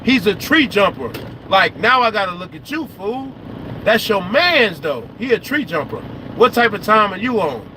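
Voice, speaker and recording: A man who vlogs about trucking, talking casually and profanely to his viewers, animated and repeating lines for emphasis. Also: high-pitched, normal speed. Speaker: trucker vlogger. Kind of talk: casual outdoor talk to viewers. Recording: noisy outdoor recording.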